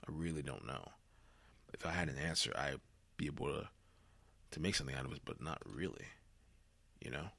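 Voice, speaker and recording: A man's voice: rumbling low, a little fast, creaky, long pauses, bright, forceful tone, dry recording. A worn-out young man hosting a solo podcast, rambling wearily and swearing freely, sometimes dropping to a whisper. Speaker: podcast host. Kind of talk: solo reflective monologue.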